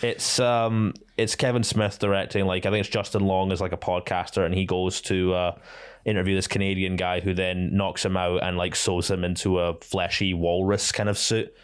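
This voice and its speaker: A man's voice: sits low, flat delivery, moderate pace, clean tone. A man co-hosting a podcast, giving opinionated casual film-review chat with many fillers and frequent laughs. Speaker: podcast co-host.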